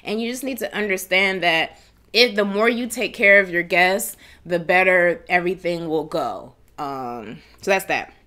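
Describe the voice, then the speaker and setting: A woman's voice: unhurried, pushed and bright. A woman hosting a casual live Q&A at home, giving direct, chatty advice. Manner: chatty, direct, acts out quoted people in higher voices. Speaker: wedding planning host.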